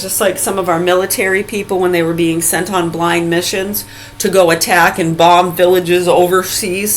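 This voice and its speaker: A woman's voice: fairly low pitch, a little hiss or hum, low-quality recording. A woman in her forties delivering a rambling, heated rant full of swearing. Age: 40s. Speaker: vlogger. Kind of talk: profane angry rant.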